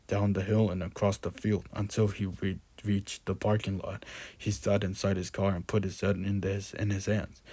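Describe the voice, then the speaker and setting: A man with a low voice reads a spooky story aloud and breaks off for casual asides. He often restarts and corrects himself mid-sentence, and the sound is dry and close, with no room echo. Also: mellow. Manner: frequent restarts and self-corrections. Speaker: scary story narrator.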